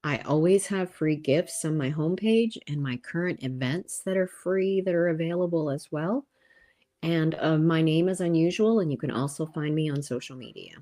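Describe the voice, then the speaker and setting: A woman guest on a podcast, calm and reflective, who turns lively when she tells stories. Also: low-pitched, normal speed. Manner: calm and reflective, turning animated while telling stories. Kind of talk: casual interview chat.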